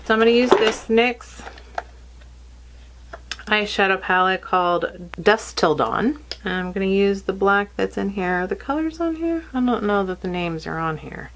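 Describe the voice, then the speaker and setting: A woman's voice: on the low side, creaky, slight background noise, poor audio. A woman with a Texan accent, casually talking through a makeup tutorial at home, chatty and self-deprecating. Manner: chatty, self-deprecating, talks to her cat in baby talk. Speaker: makeup vlogger. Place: home, indoors.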